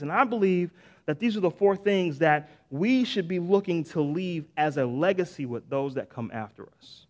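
Male pastor, middle-aged, high voice, conversational sermon, fillers and restarts. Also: moderate pace. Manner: casual, conversational preaching with filler "man" and "right?"; repeats and restarts, lively bursts of emphasis.

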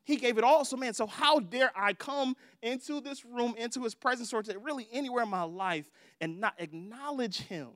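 A man preaching a sermon as pastor, emphatic and repetitive, swinging between hushed and loud passages. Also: extremely high pitch, normal speed, few pauses, no room sound, studio quality.

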